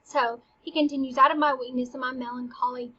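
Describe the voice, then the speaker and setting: A woman's voice: high voice, fairly even intonation, brisk, pushed and bright, slightly rough. A woman teaching a play, mixing slangy paraphrase with dramatic readings of the lines. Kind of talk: casual lecture paraphrasing a play. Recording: dull lo-fi recording.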